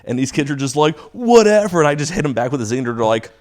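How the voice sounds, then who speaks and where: A man in his thirties, a stand-up comic and drama teacher, telling stories casually and acting out quotes in a higher pitch. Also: racing. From Houston, Texas. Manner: animated storytelling, acting out quotes with a jump in pitch. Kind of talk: casual storytelling.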